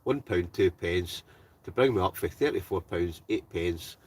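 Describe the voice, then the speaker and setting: Deep-voiced Ayrshire Scottish man hosting a live quiz. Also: measured pace, darkish tone, distant mic, slight background noise. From Scotland. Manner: jokey, chatty, laughs often, talks straight to viewers. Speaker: live-stream host. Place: inside a tent with a stove.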